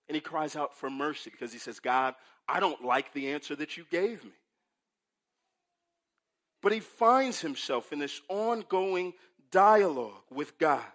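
High-voiced preacher, slow and dynamic. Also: male voice. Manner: dynamic preaching, swinging from hushed to loud; asks the congregation "right?" often. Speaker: pastor. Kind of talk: sermon.

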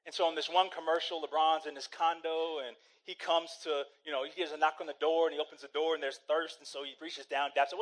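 A man's voice: fairly high pitch, fairly even intonation, fast, few pauses, poor audio. A male pastor preaching a sermon in a conversational, storytelling way, often checking in with "right?".

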